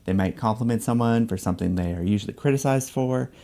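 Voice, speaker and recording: A man giving measured, scripted narration for an explanatory video essay. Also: medium pitch, dark tone.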